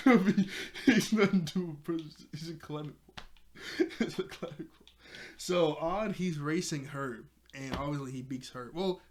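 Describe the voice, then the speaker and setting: A young man casually recapping a cartoon episode, animated, acting out the characters' lines and laughing often. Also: mid-range voice, slight background noise. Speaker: episode reviewer.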